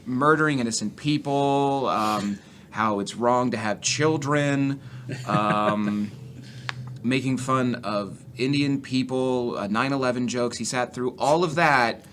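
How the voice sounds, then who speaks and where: Man, bright clear voice, comedian telling crude stories, faint noise behind. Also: mid-range voice, slow pace. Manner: profane, animated storyteller. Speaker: stand-up comedian, guest. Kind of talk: casual storytelling.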